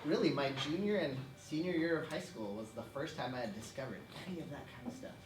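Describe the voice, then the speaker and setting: A young man giving a relaxed parish talk, full of humorous family anecdotes and frequent laughter. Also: medium pitch, fast. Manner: chatty, self-deprecating, laughing often. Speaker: guest speaker at a parish event. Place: church hall. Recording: echoey room, distant mic, background noise.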